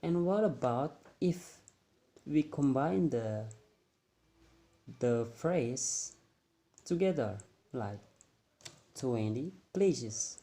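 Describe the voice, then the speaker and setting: A young man whose first language is Indonesian talks through a classroom-style explanation. He speaks very slowly, with a mellow, dark tone. He pauses often and repeats his words. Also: fairly high pitch, lively intonation. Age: young adult. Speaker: student presenter.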